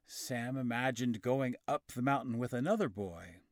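A man reading a children's story aloud, slow, clear and expressive. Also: mid-range voice, dry recording, clean studio sound. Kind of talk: storybook narration.

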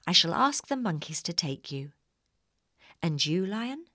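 A woman's voice: on the low side, very animated, measured pace, bright, forceful tone, dry recording, studio quality, heavily acted. A gracious, reassuring good witch, read by a woman.

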